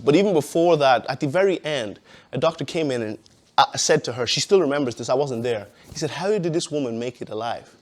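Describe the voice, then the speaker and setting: A man giving a personal testimony in a casual, conversational way, with many "you know"s and frequent laughs. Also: medium pitch.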